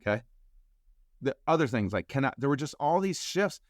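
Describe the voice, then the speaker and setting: A man telling a personal story as a podcast guest, acting out the quoted dialogue with lively shifts in voice. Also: medium pitch, brisk, dry recording, clean studio sound. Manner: animated storyteller who acts out quoted dialogue.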